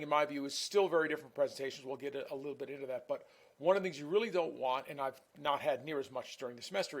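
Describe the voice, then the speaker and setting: A man giving a recorded online class lecture in a conversational way, often repeating words and restarting phrases. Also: on the high side. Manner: self-admittedly talks fast.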